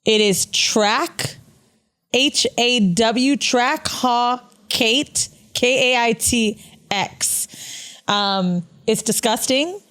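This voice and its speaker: Blunt, animated woman podcast co-host. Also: on the high side, very slow, smooth. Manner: blunt, animated, laughing often. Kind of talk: casual chat. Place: studio.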